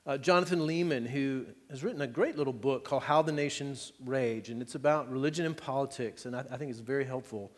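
A man's voice: medium pitch, a little fast, hardly any pauses. Preaching man in a reverberant hall. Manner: conversational preaching with jokes and frequent rhetorical checks to the congregation. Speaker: pastor. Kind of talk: sermon.

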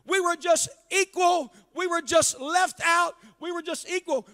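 A male pastor preaching an impassioned sermon, often shouting and stretching out his words, in a church. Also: very high voice, unhurried, few pauses, faint music behind. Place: church sanctuary. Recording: long reverb of a church hall.

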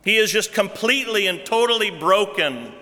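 A man preaching a sermon as pastor, repeating rhetorical questions and swinging between hushed, soft lines and loud, emphatic ones. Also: high-pitched, animated, moderate pace, big-room sound.

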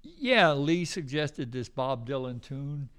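Speaking slowly with lively intonation, the older male guest musician tells rambling stories in a casual interview, often performing the voices of people he quotes. His mid-range voice is clean and a bit bright.

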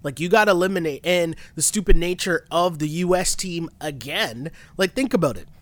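A man co-hosting a podcast in casual chat, animated and exasperated, laughing often. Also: a little high, normal speed, no room sound. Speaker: podcast co-host. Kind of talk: casual chat recapping a reality show.

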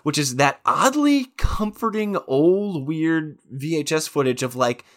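A man's voice: fairly high pitch, expressive, a little slow, fairly bright tone. A man in his thirties co-hosting a podcast, telling stories in a rambling way with quoted asides. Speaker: podcast co-host. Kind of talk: casual chat.

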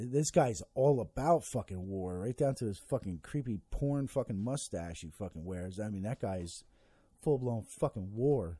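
Man, rambling profane rant, dark mellow voice, dry close sound, lots of ums. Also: lowish voice, breathy edge, no echo. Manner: profane, rambling, heavy swearing with many fillers. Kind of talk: casual political rant.

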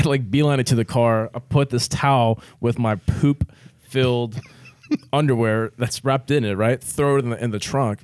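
A laid-back man tells a story in a relaxed, chatty way, cursing freely and laughing as he goes. His voice sits at an ordinary pitch, and the sound is dry and close. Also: moderate pace, hardly any pauses, no room sound. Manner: laid-back, profane, laughs often through his words. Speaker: military veteran guest telling a story. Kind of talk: casual storytelling on a podcast.

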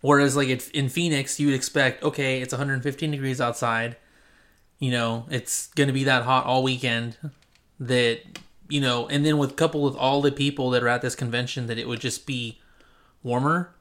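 Male podcast host, mid-pitched, rambling casual delivery with lots of fillers. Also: fairly even intonation, moderate pace, a bit bright. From Central California. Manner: rambling, many fillers and restarts. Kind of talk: casual chat.

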